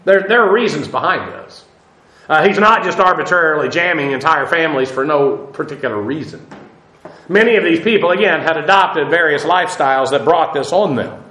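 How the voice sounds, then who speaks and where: High-voiced man teaching Bible study, echoey. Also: expressive, bright, forceful tone. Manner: unhurried, with many "uh" fillers and rhetorical questions. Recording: roomy echo.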